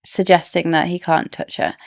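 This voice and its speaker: Brief: female podcast co-host, lowish gravelly voice, dry close sound, speculative chat. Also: little pitch movement, moderate pace, no echo. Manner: speculates and asks questions about the plot. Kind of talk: casual book discussion.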